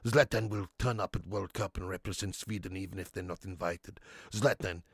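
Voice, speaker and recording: A man doing a boastful, deep-voiced star striker. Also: fairly quick. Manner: deadpan self-important third-person bragging. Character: boastful male star striker speaking of himself in third person.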